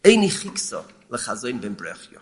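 A man teaching as a rabbi, explaining a lament text in a measured, halting way and often repeating words. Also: medium pitch, wildly swooping pitch. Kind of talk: explaining a lament text, mixing Hebrew terms.

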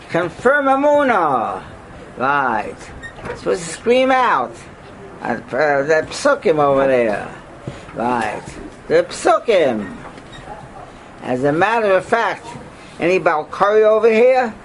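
Animated older man, Torah class lecture, somewhat high for a man, swooping pitch, rhetorical questions, sudden loud outbursts. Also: creaky, a little hiss or hum, rough recording. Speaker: rabbi teaching a class.

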